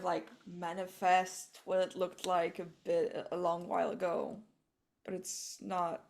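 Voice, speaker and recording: Gravelly-voiced woman player. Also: lowish voice. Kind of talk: casual in-character chat.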